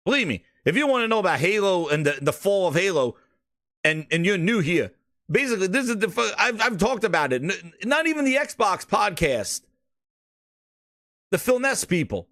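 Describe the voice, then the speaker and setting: A man's voice: high-pitched, sing-song, normal speed, fairly bright tone, no echo, studio quality. A man hosting a gaming podcast, ranting profanely and mocking, stumbling and repeating words when riled up. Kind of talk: ranting casual commentary.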